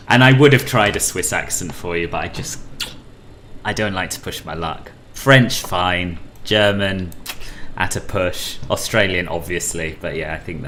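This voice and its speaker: A UK man streams a flight simulator, chatting playfully with viewers, laughing often, calling people "boss," and reading out radio calls. His voice is low-pitched, pushed, and bright, with a little hiss or hum in the background.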